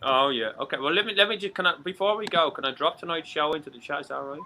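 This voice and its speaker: A man's voice: on the high side, lively intonation, racing, bright, forceful tone, slight background noise. A man chatting as a guest on a live stream over a video call, rambling and swearing freely. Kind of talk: casual live-stream chat.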